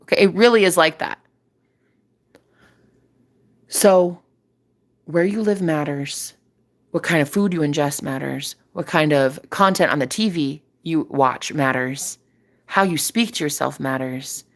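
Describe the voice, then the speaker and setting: In an unhurried, low voice broken by long pauses, a woman delivers a casual spiritual reading for her vlog. She is preachy and emphatic, drives points home by repeating phrases, and swears casually.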